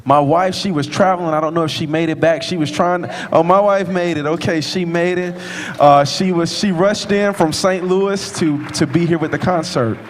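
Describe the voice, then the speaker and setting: A man's voice: a little high, moderate pace, a little hiss or hum. A man who directs a choir, thanking people from the stage in an informal, direct way. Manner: warm, informal, addresses audience directly. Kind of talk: concert thank-you speech. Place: large concert hall with audience. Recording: long hall reverb, audience sounds.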